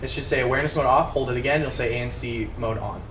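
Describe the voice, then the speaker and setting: A man's voice: medium pitch, fairly even intonation, fast. A teenage boy leading a classmate through a party guessing game, bossy and giggly. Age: teens. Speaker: student game leader. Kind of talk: casual chat, party game. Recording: roomy, distant mic, faint room noise.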